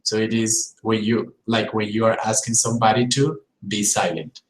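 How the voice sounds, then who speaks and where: A man's voice: fairly low pitch, steady tone, moderate pace. A male English teacher gives a live-streamed pronunciation lesson. He repeats sounds and words to demonstrate them and keeps checking in with his viewers. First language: Spanish. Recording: roomy echoey room.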